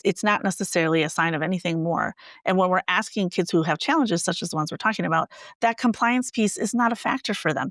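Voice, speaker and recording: Animated woman teacher telling classroom stories. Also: fairly low pitch, dry recording, clean studio sound. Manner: animated, acts out quoted dialogue. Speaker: teacher, interview guest. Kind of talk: conversational storytelling.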